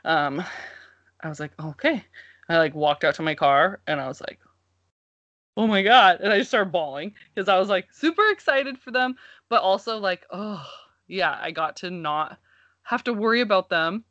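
A woman's voice: fairly low pitch, expressive, normal speed, dry recording, lo-fi sound. A woman co-hosting a casual chat, talking chattily with many "like"s. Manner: chatty, uses "like" a lot, warm reactions.

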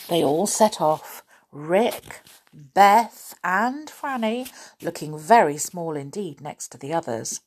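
A woman's voice: fairly low pitch, expressive, slow pace. Sing-song woman reading a children's book. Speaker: storyteller.

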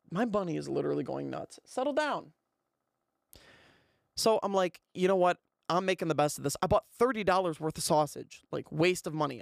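A young man hosting a podcast, telling a rambling, animated story in a casual way. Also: high-pitched, vocal fry, dry recording, studio quality. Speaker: podcast host.

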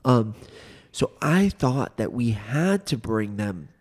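A man chatting casually on a podcast, spinning a story with plenty of "like" and "um". His voice sits at a middle pitch. He acts out quotes now and then. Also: takes it slowly. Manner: animated, acts out quotes, fillers like "like". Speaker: podcast co-host.

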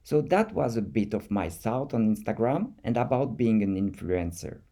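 A man with a French accent, an artist talking his thoughts through in a reflective monologue, halting and repeating words as he searches for them. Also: fairly low pitch, expressive, warm tone. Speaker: artist vlogger.

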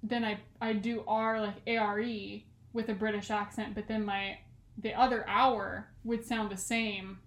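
A woman's voice: medium pitch, little pitch movement, a little slow, echoey room. A young woman in her twenties from California, co-hosting a podcast in a casual, rambling chat full of fillers and laughs. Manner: chatty and rambling, many "like" fillers, laughs often. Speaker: podcast co-host.

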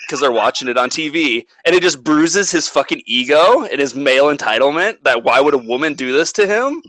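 A man's voice: mid-range voice, sharp tone, no room sound, low-quality recording. A man in casual chat, animatedly retelling a movie plot and swearing freely.

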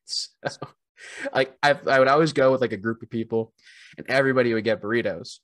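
A man's voice: medium pitch, brisk, dry recording. Rambling man on a dry-sounding podcast. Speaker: podcast co-host. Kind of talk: casual podcast chat.

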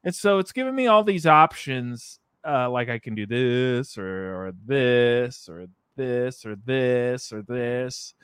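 Playful, animated podcast host. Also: male voice, medium pitch, slow, few pauses, clean tone, no room sound, clean studio sound. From Southern California. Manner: playful, hammy, laughs often. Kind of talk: casual podcast chat.

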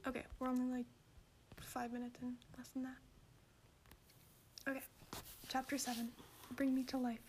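A woman with a high voice reads a story aloud in a soft, hushed whisper. A faint hiss runs in the background. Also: completely flat delivery, moderate pace, pauses often.

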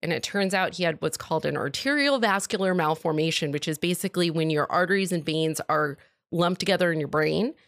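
A woman comedian tells a strange personal story on a podcast, dropping blunt punchlines in a deadpan way. Her voice sits slightly low. The sound is close and dry, with no room around it. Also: fairly quick, no echo. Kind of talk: casual comic storytelling.

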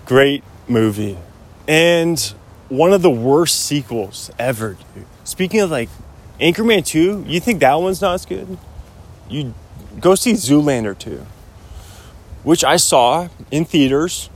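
A man's voice: fairly high pitch, animated, slow pace, long pauses, slight background noise. A man rambling casually in a solo podcast while walking outdoors, with a lot of "like"s. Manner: rambling, chatty, many "like"s. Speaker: podcast host.

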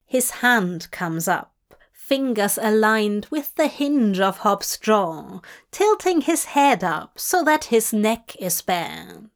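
A woman reading a fanfic aloud as audiobook narration, in a measured, intimate way. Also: mid-range voice, big pitch swings. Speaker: fanfic reader.

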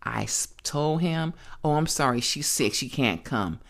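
A grandmother with a notably low-pitched voice shares her own story as a guest on a podcast. She talks bluntly and emphatically, in plain everyday words, and doesn't soften them. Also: animated, unhurried, vocal fry. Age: older. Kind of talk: personal testimony in conversation.

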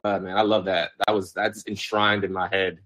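A man's voice: low-pitched, level tone, moderate pace, a bit bright. A man co-hosting a podcast who chats easily about basketball and often answers with short, agreeable replies. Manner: easygoing, agreeable, with short affirmations. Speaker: podcast co-host. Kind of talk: casual sports chat.

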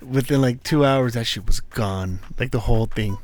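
A man chatting casually on a podcast in a laid-back, halting way, swearing often. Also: medium pitch. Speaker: podcast co-host. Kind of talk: casual chat.

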